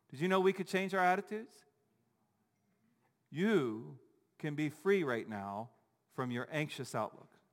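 Emphatic man preaching in an echoing hall. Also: a little high. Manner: emphatic, repetitive, rhetorical questions. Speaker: pastor. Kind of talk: sermon. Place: church sanctuary.

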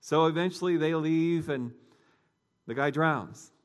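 Male pastor, conversational storyteller, a bit higher-pitched, talks straight to the congregation. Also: measured pace. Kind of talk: sermon.

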